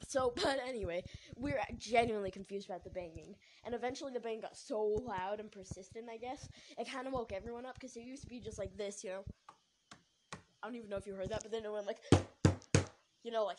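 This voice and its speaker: A woman's voice: medium pitch, a little mellow, slight background noise. A young woman hosting a podcast, telling a story in a rambling, giggly way with lots of fillers. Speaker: podcast host. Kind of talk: casual storytelling.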